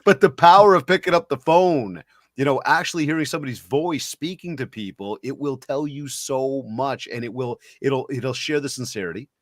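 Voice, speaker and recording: A man's voice: medium pitch, normal speed, dry recording. Podcast host man, dry close sound. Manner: rambling, searching questions and lively storytelling. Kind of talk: casual conversational interview.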